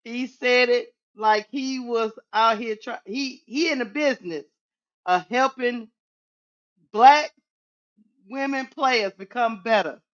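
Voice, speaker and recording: Female co-host, slow and mocking, lo-fi sound. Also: a little high. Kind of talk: casual panel talk. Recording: dull lo-fi sound.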